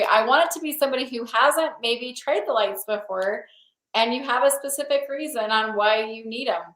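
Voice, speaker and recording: A woman's voice: fairly high pitch, fairly bright tone, roomy sound, low-quality recording. A woman hosting a video call, chatting casually and with enthusiasm. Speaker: host.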